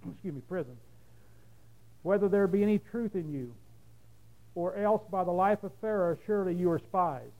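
A man's voice: sits high, moderate pace, narrow, tinny audio. A man preaching, reading a long scripture passage aloud steadily and then explaining it in plain talk.

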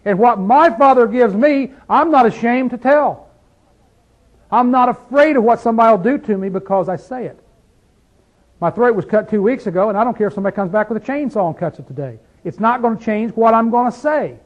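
A man teaching a Bible study like a sermon, fervent, firing rhetorical questions and dropping from loud to hushed. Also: extremely high pitch, expressive, brisk, low-quality recording.

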